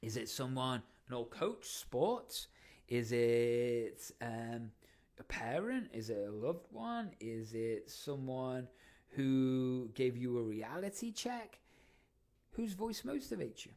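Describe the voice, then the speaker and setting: A man hosting a motivational podcast, coaching listeners with energetic questions. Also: mid-range voice, slow pace. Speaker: podcast host.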